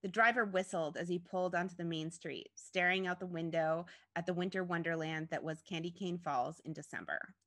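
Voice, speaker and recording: A woman narrating an interactive story in a playful, expressive way. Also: fairly low pitch, a little fast, hardly any pauses.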